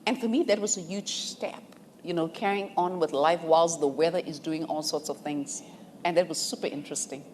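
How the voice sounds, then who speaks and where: Low-voiced composed businesswoman. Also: steady tone, fairly quick, a little mellow, slight background noise. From South Africa. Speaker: guest executive. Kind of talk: conversational interview.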